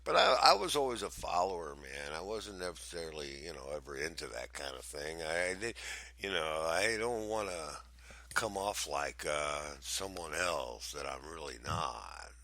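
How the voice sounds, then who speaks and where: A man's voice: extremely low pitch, sing-song, normal speed, pushed and bright, no room sound. A man co-hosting a podcast in casual banter, hesitant and self-deprecating, full of fillers. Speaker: podcast co-host.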